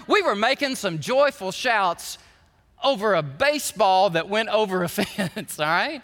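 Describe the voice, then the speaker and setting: A pastor preaches with a high, bright voice and big swings between hushed prayer and loud shouts. His delivery is animated and full of movement. The sound carries a long reverb from a large hall. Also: measured pace. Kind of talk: sermon.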